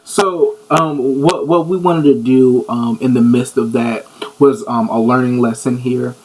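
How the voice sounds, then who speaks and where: A man co-hosting a podcast in casual chat, playful and animated, often repeating words. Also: mid-range voice, a little slow, a little hiss or hum, poor audio. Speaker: podcast co-host.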